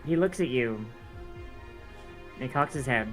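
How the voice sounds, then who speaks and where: A man's voice: mid-range voice, lively intonation, a little slow, fairly bright tone, faint music behind. A man narrating as dungeon master, talking loosely with many fillers and restarts. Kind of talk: narrating a tabletop game.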